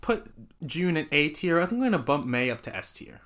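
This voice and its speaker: Male, teenage, podcast co-host, casual chat, very lively intonation, jokey. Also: a little high, fairly quick. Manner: animated, jokey, quotes others in voices.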